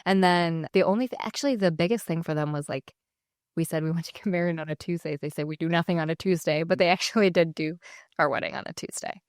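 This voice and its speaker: A woman's voice: on the low side, quick pace, no echo. Chatty young woman, dry close sound. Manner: chatty, animated storytelling with quoted voices. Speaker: podcast co-host. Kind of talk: casual faith conversation.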